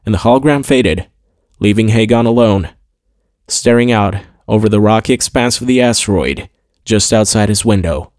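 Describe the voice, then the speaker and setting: A man narrating a science-fiction audiobook in a steady, clear storytelling manner. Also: on the low side, normal speed, no room sound, studio quality. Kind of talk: scripted narration.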